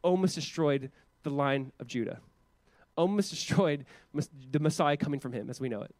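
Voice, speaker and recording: A man preaching a sermon as pastor in an animated, conversational way full of casual asides. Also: a little high, normal speed, no echo.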